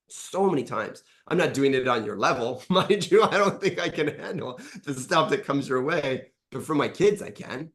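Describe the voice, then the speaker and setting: A middle-aged man with a mid-range voice talks at a moderate pace, barely pausing, in a frank interview testimonial as a coaching client. He's animated, curses freely, and acts out past conversations.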